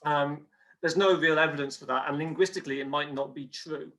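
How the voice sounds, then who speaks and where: A man's voice: on the high side, fairly even intonation, a little fast, sharp tone. A man explaining history as an interview guest, patiently, with examples.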